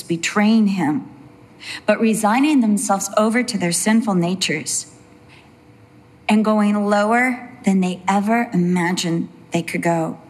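A woman's voice: medium pitch, a little mellow. Earnest woman teaching Bible study. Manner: earnest, slows down for emphasis, chatty asides.

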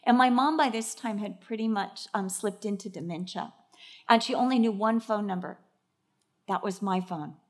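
A middle-aged woman preaching a sermon. She tells stories in an animated way and acts out the voices. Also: mid-range voice, moderate pace.

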